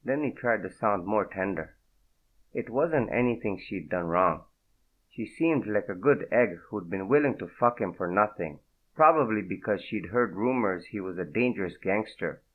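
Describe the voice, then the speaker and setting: A male audiobook narrator with a fairly low voice reads at a steady, unhurried pace. The sound is thin and narrow, like it comes over a phone line.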